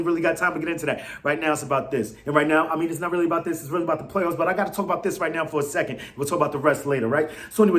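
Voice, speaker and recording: An excitable man, probably in his thirties, rants to his fans in a casual vlog, going from low mutters to loud outbursts. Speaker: fan channel host. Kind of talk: animated fan rant to camera.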